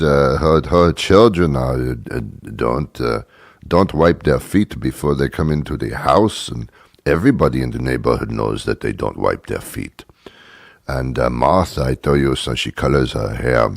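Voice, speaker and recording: Man voicing a gossiping hairdresser, confiding, scandalized, low voice, dry. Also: creaky, no room sound, heavily acted. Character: gossiping hairdresser, chatty and catty.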